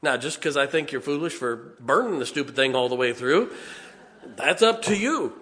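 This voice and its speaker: A man, preaching a sermon in a folksy storytelling way, with punchy asides and slow, stressed points. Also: medium pitch, animated, fairly bright tone. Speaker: pastor. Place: church sanctuary. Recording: long church reverb.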